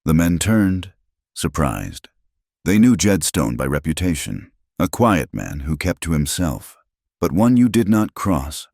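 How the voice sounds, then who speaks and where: A man narrating a western story in a measured, solemn scripted delivery. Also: sits low, big pitch swings, creaky, darkish tone, no echo, clean studio sound.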